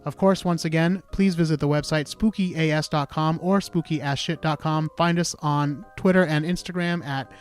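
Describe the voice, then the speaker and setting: A man hosting a podcast, talking in a relaxed, chatty way with casual swearing. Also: fairly high pitch, normal speed, hardly any pauses, soft background music. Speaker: podcast host.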